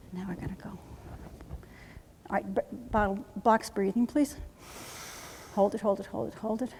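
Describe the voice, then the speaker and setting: A woman's voice: medium pitch, normal speed, gravelly, long pauses, slight background noise. Soothing woman trainer in a reverberant hall. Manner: soothing, repeats reassurances in a steady chant. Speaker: trauma therapy trainer. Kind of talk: instructional demonstration. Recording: long reverb.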